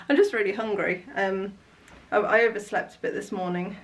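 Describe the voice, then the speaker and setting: A young woman, chatting casually in a home kitchen while filming a relaxed day-in-the-life vlog, rambling with frequent ums and little laughs. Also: mid-range voice, moderate pace, hardly any pauses. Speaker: vlogger.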